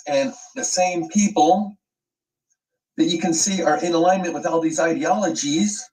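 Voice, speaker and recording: A man's voice: fairly high pitch, moderate pace, darkish tone, distant mic, rough recording. A man hosting an online commentary video, ranting with emphatic, profane sweeping claims.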